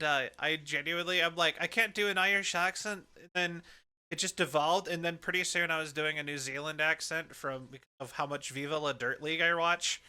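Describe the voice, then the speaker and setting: A man's voice: a little high, bright, forceful tone, smooth. A man in casual livestream chat, telling easygoing stories full of fillers. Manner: easygoing storyteller, many fillers. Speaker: streamer.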